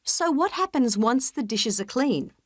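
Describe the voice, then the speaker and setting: A curious, encouraging professor in a scripted listening test. Her voice is fairly high and lively, and the recording is dry and close. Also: a little slow, no room sound. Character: female professor advising a student.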